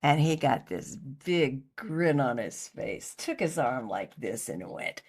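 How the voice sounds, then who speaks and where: Animated woman telling a theatre anecdote. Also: very deep voice, takes it slowly, slightly rough. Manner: animated anecdote teller, acts out other people's lines. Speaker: interview guest, costumer and actor. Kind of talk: storytelling in a casual interview.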